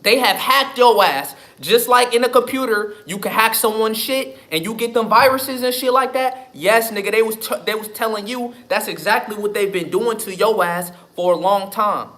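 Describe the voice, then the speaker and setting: Speaking at normal speed with few pauses, this man's high, pushed, bright voice carries his casual livestream talk, which is emphatic, profane, and repetitive.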